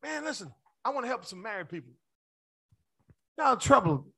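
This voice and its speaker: A man preaching a sermon, calling out to the congregation, with playful asides and bursts of shouting. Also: extremely high pitch, sing-song, normal speed. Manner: preaching with rising shouts, call-and-response to the congregation. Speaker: pastor.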